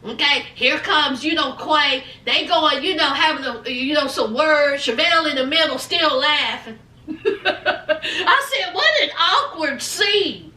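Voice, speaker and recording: A woman with a very high, bright voice talks unhurriedly through a show recap, laughing and slipping into the cast's lines as she goes. She sounds a little distant from the mic in an echoey room. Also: animated. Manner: chatty, laughing, acts out the cast in quick quoted voices. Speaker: reality show recap vlogger. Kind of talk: casual recap commentary.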